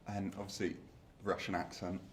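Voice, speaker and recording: A man's voice: low-pitched, little pitch movement, moderate pace, a little hiss or hum. A man interviewing an actor, asking loose, rambling questions. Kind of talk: press junket interview.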